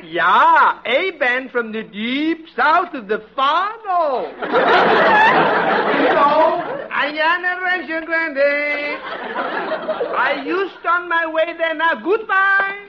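A high, slow, sly voice for a disguised maid, mixing a mock Swedish accent with a Southern drawl and broken grammar. The sound is dull and noisy, from an old television broadcast. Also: male voice, sing-song, over a noisy crowd, full character voice.

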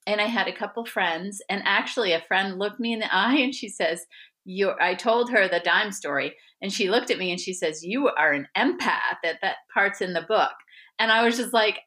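Bright, animated woman storyteller. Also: medium pitch, normal speed. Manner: animated, acts out quoted voices, laughs often. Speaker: guest author. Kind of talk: conversational storytelling interview.

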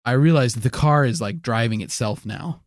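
A man spinning a long, absurd tale as a comedy podcast co-host, deadpan and rambling, stopping for "uh" and "like" as he goes. His voice sits in an ordinary middle pitch. It is recorded close and dry, with no room sound. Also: normal speed, no echo. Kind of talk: casual storytelling.

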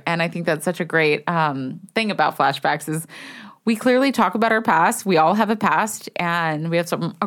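A woman's voice: on the low side, fairly bright tone. A woman co-hosting a podcast, talking in a chatty, rambling, enthusiastic way. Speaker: podcast co-host. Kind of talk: casual chat.

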